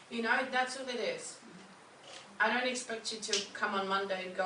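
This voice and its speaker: Heard from a distance in a roomy space with a faint background hum, a woman with a mid-range voice speaks at a moderate pace with flat delivery. She is a wellness coach running a workshop lesson for a group, staying upbeat and encouraging and frequently putting questions to the room.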